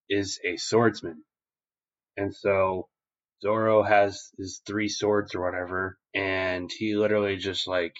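A man's voice: fairly low pitch, dull audio. A man co-hosting a podcast, recapping a show in loose, profane casual chat full of fillers. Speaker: podcast co-host.

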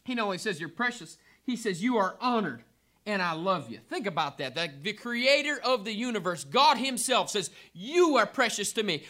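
A man's voice: high-pitched, big pitch swings, normal speed, pushed and bright. A pastor preaching a fervent sermon, a man building emphatic repeated lines.

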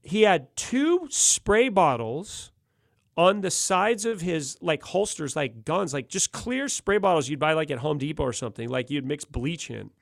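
A middle-aged man tells a rowdy story in loose, slangy talk, laughing as he goes. His pitch sits a touch high and swings widely as he gets into it. The sound is close and dry, with no room around it. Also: a little slow, creaky, no room sound. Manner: laughs often, animated, slangy ("dude", "gnarly"). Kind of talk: casual storytelling.

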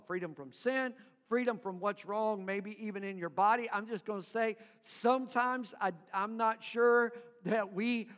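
A man's voice: high-pitched, a bit bright, long reverb tail. A man preaching a sermon to his congregation in church, calling for responses and having them repeat after him. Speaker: pastor.

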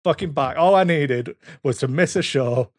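A man in his thirties, hosting a casual podcast chat and telling animated stories full of swearing and quoted voices. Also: a little high, moderate pace, no echo, clean studio sound. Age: 30s. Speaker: podcast host.

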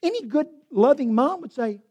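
A woman preaching a sermon in a storytelling way, swinging from loud passages to hushed whispers. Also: high voice, expressive, normal speed.

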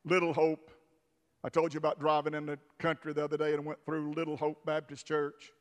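A man preaching a sermon with fervor, dropping to a hush and then rising to shouts. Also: fairly high pitch, completely flat delivery, fairly quick. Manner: fervent, swings from hushed to shouting. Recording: long hall reverb of a church.

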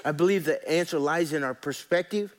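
A pastor preaches with a high, bright-edged voice. He is folksy and animated, dropping soft and then rising loud as he calls on his congregation to join in. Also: brisk. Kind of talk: sermon.

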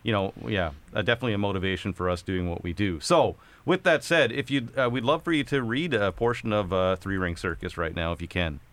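A man's voice: lowish voice, a little fast, hardly any pauses, a bit bright. A man hosting a podcast interview, talking loosely with many restarts and fillers. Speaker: podcast host.

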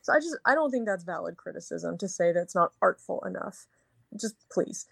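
A woman's voice: fairly low pitch, lively intonation, a little fast, vocal fry, fairly bright tone, husky, no echo. A woman co-hosting a casual movie review chat, talking enthusiastically and rambling with lots of filler words. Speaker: podcast co-host.

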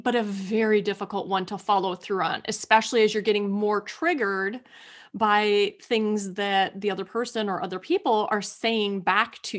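A woman hosting an interview, asking thoughtful, friendly questions. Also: medium pitch. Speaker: interview host.

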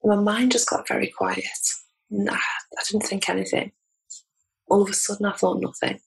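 An English woman speaks as a podcast guest, recounting a personal turning point in a candid, heartfelt way with laughs between lines. Her voice is gravelly and husky, sitting in a middle pitch. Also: steady tone, normal speed, poor audio. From England. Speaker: podcast guest, transformation coach. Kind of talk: personal storytelling in conversation.

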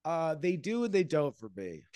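A man talks in a loose, rambling podcast chat, wry and quick to laugh, his voice often dropping away at the end of a thought. The sound is close and dry, with no room around it. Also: on the high side, big pitch swings, a little mellow, clean tone, no echo.

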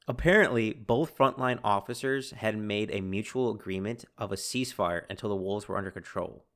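A man hosting a casual history podcast, telling the story with animated bursts and acted-out quotes. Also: on the low side, normal speed, few pauses. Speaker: podcast host.

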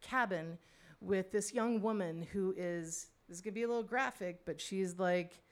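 At a moderate pace and in a mid-range voice, a woman shares a story from her own life as a spoken monologue. She keeps it casual and wry, with lots of fillers and side remarks.

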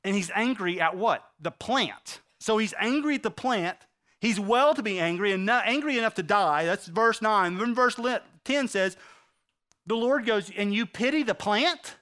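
A man preaching a sermon, acting out the quotes he reads and swinging between loud outbursts and hushed lines. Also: high voice, lively intonation, normal speed.

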